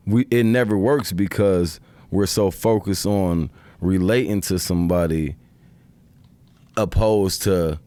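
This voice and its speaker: A man's voice: low-pitched, slow pace, dark tone, no room sound. A man guesting on a podcast in casual chat, rambling and checking in with the listener often. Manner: rambling, repeats "you know what I'm saying".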